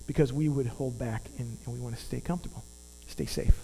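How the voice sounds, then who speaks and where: Man in his fifties, earnest preacher, mellow darker tone, long hall reverb, low mains hum. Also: brisk, creaky. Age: 50s. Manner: earnest, conversational, asks the audience questions. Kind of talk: sermon.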